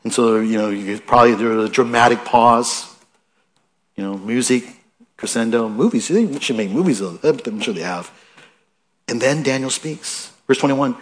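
A man's voice: mid-range voice, moderate pace. A man preaching a sermon in a conversational way, asking his listeners questions and reading scripture aloud with rising emphasis. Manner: conversational, asks the listeners questions, restarts often.

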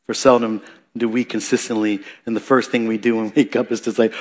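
Male pastor mid-sermon; conversational, self-correcting, swells loud then drops quiet. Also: mid-range voice, steady tone, a little fast. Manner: dynamic preaching, rising for emphasis and dropping soft.

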